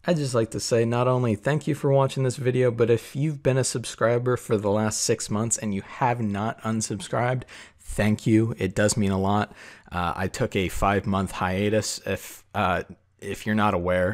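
A young man talking casually as a Minecraft YouTuber, relaxed and rambling, with frequent filler words over a time lapse. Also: fairly low pitch, normal speed.

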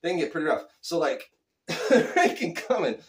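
A middle-aged man from Phoenix, Arizona, telling a childhood story casually, animated and chuckling, with loose slang. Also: a little high, normal speed, slight background noise.

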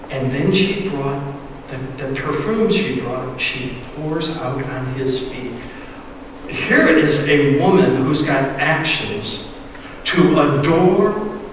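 Pastor preaching in an echoey church. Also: male voice, on the high side, a little hiss or hum. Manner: dramatic storytelling, swings from loud to hushed. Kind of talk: sermon. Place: church sanctuary. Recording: echoey church hall, distant mic.

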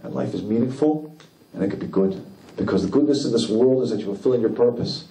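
A man preaching with impassioned, climbing emphasis. His voice is warm and mellow. He is picked up from a distance in an echoey hall, with a faint hum of the room behind him. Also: quick pace. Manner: impassioned, rising pitch for emphasis. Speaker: rabbi. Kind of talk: sermon.

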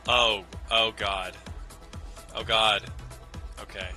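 A man's voice: on the low side, steady tone, drawn-out words, sharp tone. A young man casually commenting on his gameplay in a rambling, jokey way, swearing often. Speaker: let's play host. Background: faint game music.

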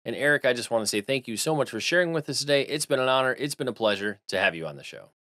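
Male podcast host, quick and polished, dry close sound. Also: medium pitch, lively intonation, pushed and bright, dry recording. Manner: polished, scripted host wrap-up. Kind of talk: podcast interview.

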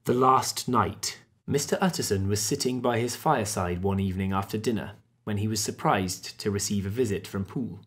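A man narrating a classic novel as an audiobook in a measured, steady way. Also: fairly low pitch, husky.

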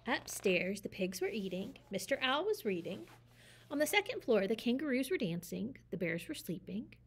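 Female storyteller, expressive read-aloud of a picture book; slightly high voice, animated. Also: moderate pace, slight background noise. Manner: lively, expressive reading.

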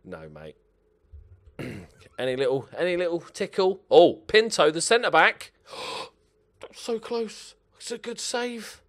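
A man's voice: on the high side, big pitch swings, a little slow, a bit bright. A young man playing a football management game, muttering to himself and swearing at his players as he comments. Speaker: gaming channel host.

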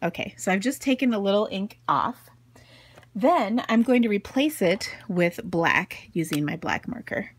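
A woman's voice: medium pitch, lively intonation, measured pace, slightly rough. A middle-aged woman hosting a casual crafting tutorial from her home craft room, chatty and giggly with self-deprecating asides. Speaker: craft video host.

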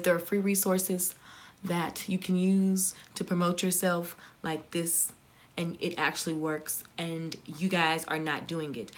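A woman with a Southern US accent, chatting casually and fast to her viewers, joking and reacting to their comments. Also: fairly low pitch, pushed and bright. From Southern United States. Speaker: YouTuber. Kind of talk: casual live-stream chat.

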